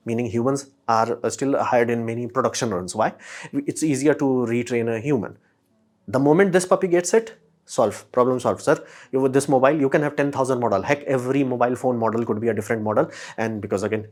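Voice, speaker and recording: A man's voice: mid-range voice, darkish tone. A man hosting a casual opinion monologue, talking emphatically, swearing lightly and firing off rhetorical questions. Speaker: host.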